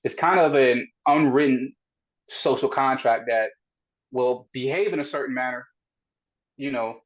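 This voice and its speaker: Podcast host guy, rambling deep questions, kinda dull muffled sound. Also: a little slow. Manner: probing, rambling questions with many restarts. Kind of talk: casual philosophical chat.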